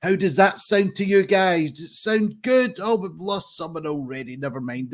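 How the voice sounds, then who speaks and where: A man hosting a live online pun contest over a video call, chatty and rambling with many fillers. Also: a little high. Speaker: host. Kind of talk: casual live stream hosting.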